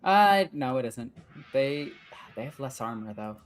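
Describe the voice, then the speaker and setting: A woman's voice: rumbling low, expressive, a little slow, noisy background. Frustrated woman thinking aloud over a game. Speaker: gaming channel host. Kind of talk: let's play commentary.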